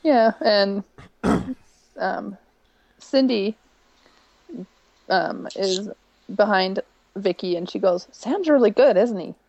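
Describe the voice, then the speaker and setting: A woman co-hosts a podcast, retelling a TV episode in a chatty, rambling way and popping her voice up to quote the characters. Her mid-height voice has a gravelly, fry-laced edge. The sound is dry and a little dull, like a home podcast mic. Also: medium pitch, steady tone, extremely slow, long pauses, no echo. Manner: chatty retelling with many ums, quoting lines in a brighter voice. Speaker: podcast co-host. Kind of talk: casual recap of a TV episode.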